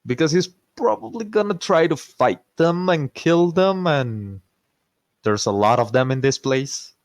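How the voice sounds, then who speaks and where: A man's voice: on the high side, animated, a little slow, dry recording. A man playing in an online tabletop game, chatting playfully and laughing often. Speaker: player. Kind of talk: casual role-play chat.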